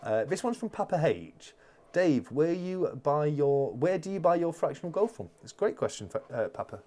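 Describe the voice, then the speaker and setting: A man's voice: on the high side, big pitch swings, normal speed, a little mellow. A man hosting a casual live-stream chat, reading out viewer comments and rambling with many restarts.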